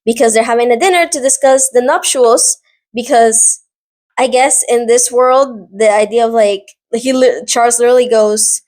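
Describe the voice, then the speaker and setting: A woman vlogger casually recapping a drama series, animated and rambling, filling her talk with "like" and side notes. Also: a little high, moderate pace. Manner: animated, rambling, heavy use of "like".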